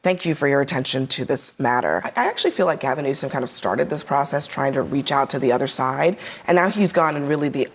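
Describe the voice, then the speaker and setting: A woman's voice: extremely low pitch, expressive, fast talker, few pauses, breathy edge. A woman news anchor presenting and then chatting with panelists.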